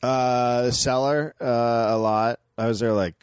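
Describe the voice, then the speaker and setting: A man's voice: medium pitch, fairly even intonation, slow pace, clear, resonant tone, no room sound, clean studio sound. A man in his forties, a comedian and podcast guest, chatting casually in a laid-back way and swearing often. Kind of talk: casual chat.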